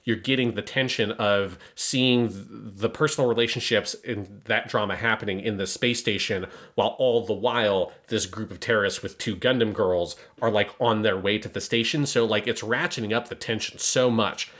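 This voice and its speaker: A man casually breaking down an anime episode, animated and analytical, with many fillers. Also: lowish voice, normal speed, few pauses. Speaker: podcast co-host.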